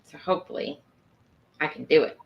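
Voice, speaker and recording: A woman's voice: brisk, dull audio. A woman hosting a live stream, chatting casually and laughing often. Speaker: livestream host.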